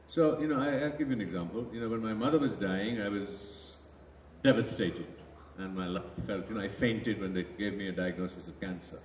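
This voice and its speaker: A man's voice: mid-range voice, far from the mic. Man, reflective speaker, anecdotal, echoey hall, faint background noise. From India. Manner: reflective, anecdotal, lively delivery. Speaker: speaker answering audience questions. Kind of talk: public talk Q&A.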